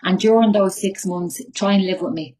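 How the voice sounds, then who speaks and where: An Irish woman in her forties with a Tipperary accent gives a raw, emotional recovery share from her bedroom at home, swearing freely. Her voice is medium-pitched and dark, at a moderate pace, on a rough recording.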